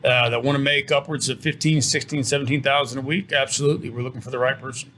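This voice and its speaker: A middle-aged man, a company owner, giving an earnest interview pitch for his business and often repeating words as he restarts. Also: fairly even intonation, fast, sharp tone. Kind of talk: promotional interview talk.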